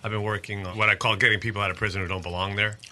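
An earnest man guesting on an interview tells animated stories in a casual, loose way. His voice is bright and forceful, a little low in pitch, and faint noise sits behind it. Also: rapid-fire. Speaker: guest, musician and advocate.

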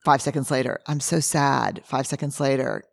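A hoarse woman hosting a podcast, telling animated stories in a casual monologue and acting out what people said. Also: extremely low pitch, normal speed, no room sound. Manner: animated storyteller who acts out quotes, with frequent restarts. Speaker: podcast host and researcher. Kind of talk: casual monologue answering listener questions.

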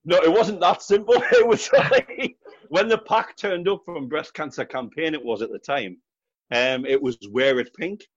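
Middle-aged Geordie man, chatty and quick to laugh, dry and muffled audio. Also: a little high, no echo. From North East England. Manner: chatty storyteller, laughs often. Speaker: guest, charity fundraiser runner. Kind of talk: casual interview chat.

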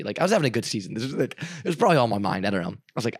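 Young male podcast co-host, casual rambling storyteller, middle pitch, dry sound. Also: sing-song, racing, hardly any pauses, slightly rough, no room sound. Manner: rambling, repeats words, acts out quotes.

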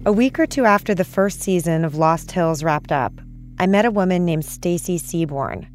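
A woman hosts a podcast with scripted narration, her voice sitting on the low side. Her storytelling is even and measured. Faint music plays underneath. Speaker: podcast host.

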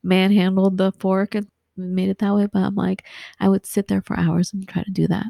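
A woman with a Southern Californian accent talks casually and with animation, sprinkling "like" through her stories. Her voice is mellow and warm. The recording is dry and close, with no room sound. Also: mid-range voice, normal speed, vocal fry, no room sound. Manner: chatty, animated storyteller with frequent "like" and laughs. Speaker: guest. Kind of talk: casual conversation.

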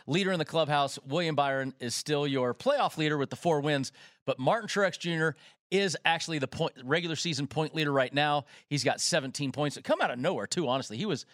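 Male co-host, slightly high voice, excitable odds rundown, dry studio sound. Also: a little fast, dry recording. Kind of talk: sports betting talk.

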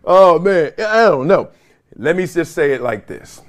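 A man riffing alone into a camera in his basement, his pitch set a little high and swinging widely as he jumps between points. He talks in loose slang and breaks into laughter between thoughts. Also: measured pace. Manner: animated, slangy, laughs often. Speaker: podcast host. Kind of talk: casual solo commentary. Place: home basement. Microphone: video camera or phone.

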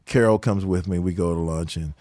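An older man with a low voice tells stories from his music career in an interview. He is lively and acts out what other people said, laughing often. The sound is dry and close. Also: fairly quick, no room sound. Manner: animated storyteller who acts out quotes and laughs often. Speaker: guest musician, guitarist and songwriter. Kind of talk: storytelling interview anecdotes.

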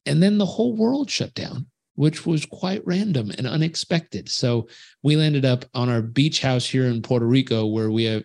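Animated male storyteller in a podcast interview. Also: mid-range voice. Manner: animated storyteller who acts out quoted voices. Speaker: guest, life coach. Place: home on a rural island beach.

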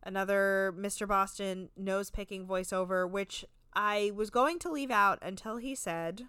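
A woman's voice: medium pitch, moderate pace, few pauses, pushed and bright, clear, resonant tone, dry recording. A woman co-hosting a recap podcast, talking in a frank, crude, chatty way full of filler words. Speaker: podcast co-host recapping a reality show. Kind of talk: casual chat.

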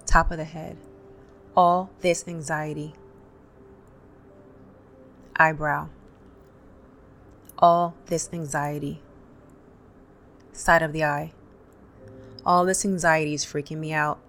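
A woman leading a guided tapping session, calmly calling out tapping points and repeating affirmations for listeners to echo. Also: low voice, slow pace, pauses often. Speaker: tapping instructor.

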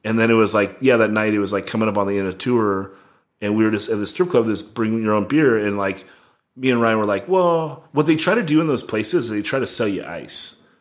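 A man's voice: lowish voice, fairly quick. A young man casually telling a rambling, profane tour story, full of "like" and laughs. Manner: rambling, heavy on "like", swearing, laughing.

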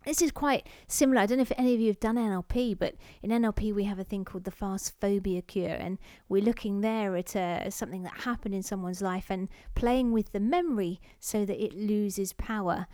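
A woman's voice: mid-range voice, a little fast, hardly any pauses, dark tone, dry recording. Woman host going through self-help steps, friendly, chatty, dry close sound. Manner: friendly, explains step by step with fillers. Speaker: podcast host. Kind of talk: self-help podcast talk.

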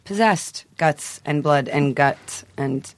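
Playful laughing woman podcast guest. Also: sits low. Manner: playful, laughs often, quick banter. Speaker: podcast guest, actor from the show. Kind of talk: casual chat.

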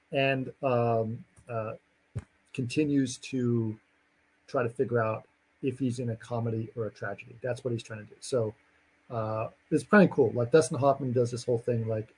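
Husky guy rambling thru a movie recap, um and uh everywhere, medium voice. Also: mid-range voice, moderate pace, a little mellow, rough recording. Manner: rambling, lots of fillers, acts out scenes. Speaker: podcast co-host recapping a movie. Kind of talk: casual chat.

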